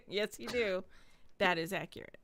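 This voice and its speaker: A woman's voice: mid-range voice, a little slow, fairly bright tone, a little hiss or hum. A woman hosting a podcast in casual chat, playful and chatty, laughing often. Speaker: podcast host.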